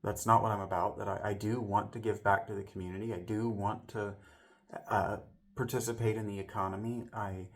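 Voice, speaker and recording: A man's voice: on the low side, little pitch movement, brisk. A man vlogging a casual personal story, rambling, with frequent restarts and self-corrections, and voicing other people's lines as he retells it.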